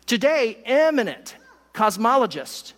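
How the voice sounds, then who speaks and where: High-voiced preacher in a reverberant hall. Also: male voice, sing-song, fairly bright tone. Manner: emphatic preaching, pace shifting from quick asides to slow stresses. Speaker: pastor. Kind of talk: sermon.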